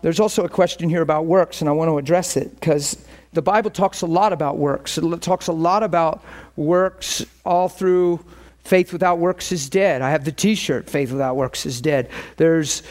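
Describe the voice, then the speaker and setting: A man's voice: fairly high pitch, normal speed, a little mellow. A male pastor preaching with passion, telling stories and acting out his own inner thoughts. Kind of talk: sermon.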